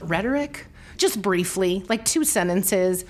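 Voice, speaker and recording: A woman hosting a casual interview podcast, playful and quick to laugh. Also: mid-range voice, lively intonation, darkish tone. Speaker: podcast host.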